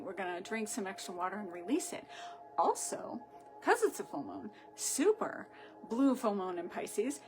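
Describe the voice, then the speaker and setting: A woman with a Boston accent, a sound healer talking casually and chattily on a home livestream, rambling loosely and often asking "right?". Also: mid-range voice.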